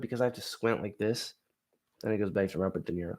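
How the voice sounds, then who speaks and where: A young man with a fairly low voice chats loosely with his live-stream viewers. He rambles, swears, and runs himself down. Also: fast, darkish tone. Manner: rambling, self-deprecating, crude. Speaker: comedian streamer. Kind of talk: casual live-stream chat.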